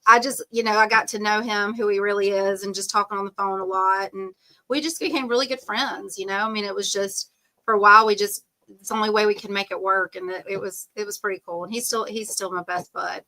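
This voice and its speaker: A middle-aged woman with a bright, clear tone tells a long personal story on a podcast. She rambles loosely, fills pauses with "um" and "like" and laughs easily. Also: medium pitch, steady tone. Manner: chatty, rambling, full of "um" and "like", laughs often. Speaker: podcast guest. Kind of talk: casual storytelling interview.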